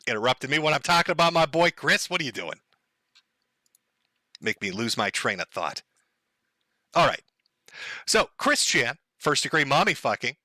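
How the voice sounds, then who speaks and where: A man's voice: fairly high pitch, sharp tone, no room sound. A man hosting a livestream, talking in a crude, sarcastic and mocking way. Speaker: livestream host. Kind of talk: casual livestream commentary.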